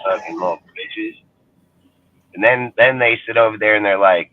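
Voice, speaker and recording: Lowish-voiced guy hosting a fan show, cussing and scornful the whole way, tinny phone-line sound. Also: normal speed, long pauses, no room sound. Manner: angry, crude and scornful. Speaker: sports podcast host. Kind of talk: profane fan rant.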